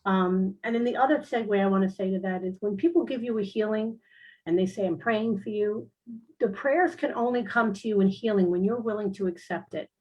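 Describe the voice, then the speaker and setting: A middle-aged woman tells personal stories on an online talk show, her pitch sitting in a middle range for a woman. She talks in a chatty, earnest way, with plenty of fillers and restarts, and sounds at ease as a spiritual guest speaker. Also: fairly quick, a little mellow, lo-fi sound. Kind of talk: casual personal storytelling.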